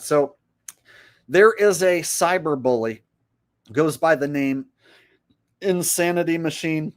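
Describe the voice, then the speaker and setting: A man's voice: fairly high pitch, slow, pauses often. Swearing, rambling male streamer. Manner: crude, frequent swearing, rambling. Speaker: livestream host. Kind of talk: casual livestream rant.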